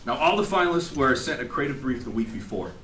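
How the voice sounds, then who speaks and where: Man, speech at an event, animated storyteller, echoey hall, faint ambience. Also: mid-range voice, quick pace, a little hiss or hum. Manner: animated, acts out quotes, laughs along. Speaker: graduating student giving a speech.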